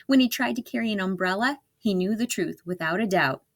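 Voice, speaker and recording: A woman reading a storybook aloud to children, expressive and laughing along. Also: medium pitch, brisk.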